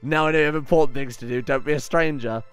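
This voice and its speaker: A man voicing a flamboyant male elf noble in a video game, reading the lines aloud with gushing flattery, mid-pitched, over faint game music. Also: fast talker, close to an everyday voice. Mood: fawning.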